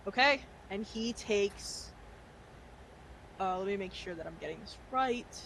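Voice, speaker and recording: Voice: mid-range voice, lively intonation, unhurried, gravelly, a bit bright, a little hiss or hum, poor audio. A player in a tabletop game, talking casually, swearing and laughing while taking a turn.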